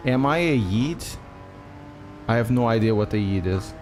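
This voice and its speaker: Lively swearing Portuguese streamer man. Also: medium pitch, normal speed, soft background music. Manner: chatty, swears often, talks to chat. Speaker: sim racing streamer. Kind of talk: live-stream commentary while gaming.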